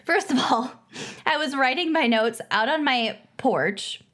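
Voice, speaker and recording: A woman's voice: high-pitched, animated, unhurried, a bit bright. A woman co-hosting a casual podcast chat, giggling as she tells a story. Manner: giggly, laughs through her words. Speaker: podcast co-host.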